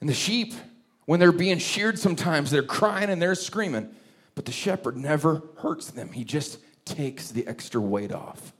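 A pastor preaching a sermon, telling a funny story in an animated way. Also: male voice, on the high side, a little slow.

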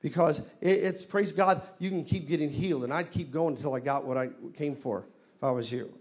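A man preaching a sermon in a church, leading the congregation in call-and-response and rising to loud exclamations. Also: on the high side, brisk. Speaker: pastor. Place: church hall.

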